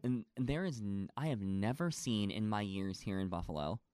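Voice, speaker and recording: A man's voice: fairly low pitch, moderate pace, a little mellow, smooth, no echo, studio quality. A man in a casual chat, a stage actor talking at length, gushing and rambling with lots of fillers.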